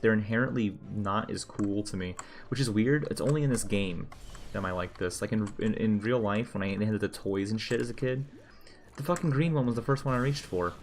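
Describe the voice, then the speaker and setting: A man's voice: lowish voice, normal speed, a little hiss or hum. A young man streaming a video game, muttering casual, profane, sarcastic commentary as he plays.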